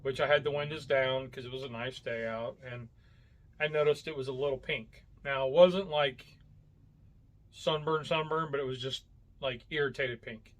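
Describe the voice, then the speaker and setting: A man's voice: mid-range voice, moderate pace. A man co-hosting a casual podcast chat, rambling and searching for words with lots of fillers. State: coughing from hot coffee. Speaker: podcast co-host.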